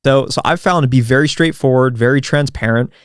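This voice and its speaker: A man's voice: mid-range voice, fairly quick, clear, resonant tone, no room sound. Man giving dry, direct sales advice. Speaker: sales expert. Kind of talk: instructional interview answer.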